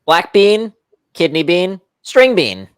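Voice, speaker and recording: A man from New York, a contestant on a comedy podcast, answering in a dry, hesitant deadpan. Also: high voice, takes it slowly, smooth, no echo.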